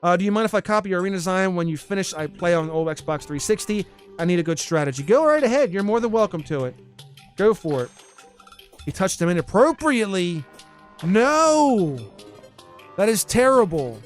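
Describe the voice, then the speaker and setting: A man's voice: sits high, animated, quick pace, faint music behind. A man streaming a game live, chatting casually and answering his chat as he plays. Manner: chatty, reads and answers chat, frequent restarts.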